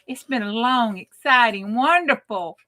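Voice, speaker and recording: A woman's voice: fairly high pitch, expressive, a little slow, sharp tone. A woman with a twang hosting a casual late-night crafting live stream, joking, bawdy and laughing as she greets viewers by name.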